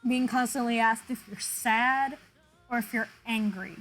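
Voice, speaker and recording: A woman's voice: fairly high pitch, measured pace, a bit bright, low-quality recording. A young woman streamer chatting casually with viewers, self-deprecating and laughing often. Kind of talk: casual chat with viewers while drawing.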